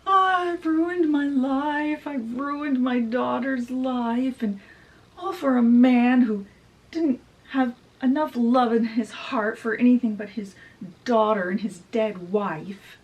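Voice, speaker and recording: A woman's voice: fairly low pitch, expressive, measured pace, far from the mic, dull audio. A woman voicing a bitter, raging wicked stepmother who rants shrilly and hisses cruel threats. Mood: ranting.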